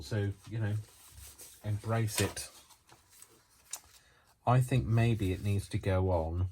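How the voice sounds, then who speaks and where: Man, very low voice, casual craft chat, rambling, hesitant, frequent yawns. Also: fairly even intonation, moderate pace, long pauses, warm tone, a little hiss or hum. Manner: rambling and hesitant, many ums and restarts; yawns often while talking. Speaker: craft vlogger.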